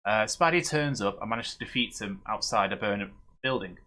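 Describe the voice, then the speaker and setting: A man's voice: on the low side, lively intonation, fairly quick, bright, forceful tone. A man casually recapping comics as the host of a streamed review show, rambling with many fillers and restarts.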